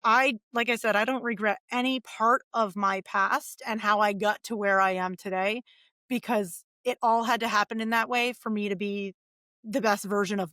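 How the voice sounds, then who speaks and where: A woman in her forties, a podcast guest, telling her life story in a lively, animated way and acting out the voices of people she quotes. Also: medium pitch, dry recording, studio quality. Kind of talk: casual storytelling interview.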